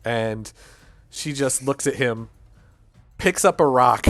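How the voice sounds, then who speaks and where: A man narrating a tabletop game as game master, halting and full of fillers as he describes the scene. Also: mid-range voice, a bit bright, no room sound, faint music behind.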